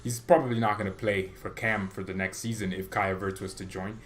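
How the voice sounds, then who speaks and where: A young man hosting a fan channel, giving a casual, opinionated match reaction that rambles with restarts and excited bursts. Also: lowish voice, a little fast. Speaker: football fan channel host.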